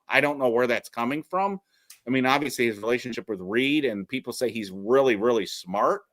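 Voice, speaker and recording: A man co-hosting a casual sports podcast in a middle-pitched voice. He halts and restarts often and laughs his way through his points. The sound is dry and close-miked. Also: a bit bright, dry recording. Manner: halting, many restarts and laughs. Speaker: podcast co-host.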